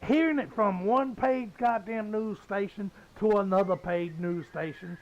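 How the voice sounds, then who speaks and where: Heard through dull audio, a man in his fifties with a Southern US accent rants and curses a lot as he plays a game. His voice is high and creaky.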